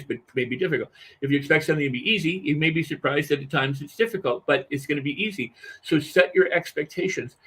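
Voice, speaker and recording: A husky man with a fairly high voice speaks as a guest in a conversational interview. He is animated and emphatic and piles up repeated phrases to drive a point home.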